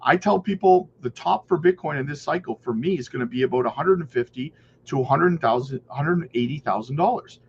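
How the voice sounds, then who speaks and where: A man talks loosely on a crypto livestream, rambling and answering viewers' questions. His voice sits a bit high. The recording is slightly muffled, with faint noise behind it. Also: brisk. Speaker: crypto channel host. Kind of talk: casual livestream chat and news reading.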